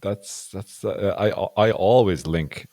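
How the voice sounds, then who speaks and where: A man's voice: deep voice, slow pace, warm tone, no room sound. A man co-hosting a podcast, chatting casually with a sarcastic, profane manner. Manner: sarcastic, swears a lot. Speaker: podcast co-host. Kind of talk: casual chat.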